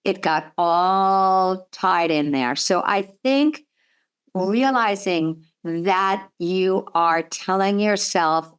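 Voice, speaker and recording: A woman speaking slowly and earnestly in a reflective conversation, thinking aloud about her own experience. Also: fairly low pitch, smooth. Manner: slow, earnest, self-reflective.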